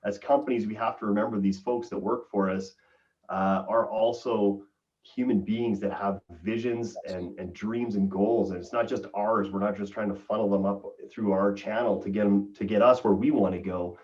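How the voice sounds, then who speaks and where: A man speaking with earnest, eager enthusiasm as a podcast guest, his voice on the low side. He comes through a video call, distant from the mic and dulled in tone. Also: steady tone, normal speed, darkish tone. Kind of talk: casual chat. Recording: distant, muffled call audio.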